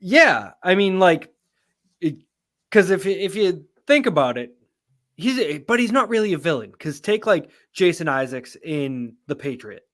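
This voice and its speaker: A man with a slightly high voice co-hosts a casual podcast. He swears freely, jokes around and gives blunt opinions. His talk stays loose and conversational. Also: very animated, moderate pace, fairly bright tone. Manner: profane, joking, opinionated. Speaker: podcast co-host. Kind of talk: casual chat.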